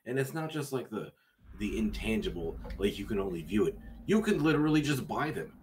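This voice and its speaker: A man's voice: lowish voice, very animated, a little fast, noisy background. A man streaming a game live, bantering with chat in a crude, joking way.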